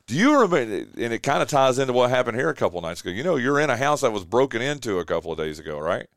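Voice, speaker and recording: A man's voice: medium pitch, very animated, very fast, fairly bright tone, no room sound. A man hosting a radio show from his home studio, telling stories casually with many fillers and restarts, recovering from bronchitis. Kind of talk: casual chat.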